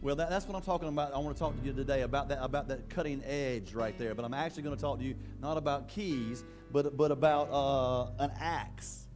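A male pastor preaching a sermon in a church, in a conversational, halting way that often repeats words. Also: medium pitch, music in the background.

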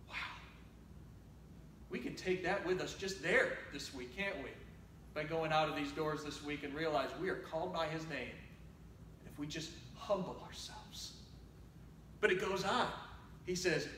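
A man preaching a sermon as pastor, talking conversationally and swinging between loud exhortation and quiet asides. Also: on the high side, normal speed, long pauses, a little hiss or hum. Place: church sanctuary. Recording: roomy church sound from a distant mic.

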